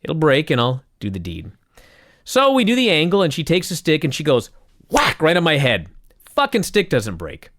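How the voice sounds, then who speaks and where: A man co-hosting a casual wrestling recap podcast, sarcastic and animated as he tells a long story. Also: fairly high pitch. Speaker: podcast co-host.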